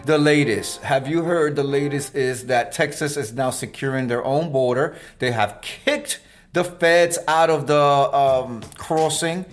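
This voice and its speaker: A man's voice: medium pitch, a little slow, faint music behind. A man co-hosting a casual podcast, talking through the week's political news with a rambling, joking delivery and lots of fillers. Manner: rambling, joking, breaks into laughter, mock newscaster bits. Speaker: podcast co-host. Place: room with blue lighting.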